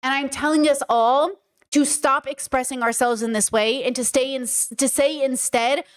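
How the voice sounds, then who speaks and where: A woman's voice: sits high, fairly even intonation, moderate pace. A woman hosting a live stream, speaking earnestly and with passion to her chat. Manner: earnest, impassioned, lecturing. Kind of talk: livestream commentary to chat.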